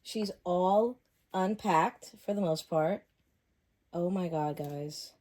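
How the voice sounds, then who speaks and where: A woman vlogger chatting casually through an unboxing, gushing and excitable. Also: lowish voice, takes it slowly.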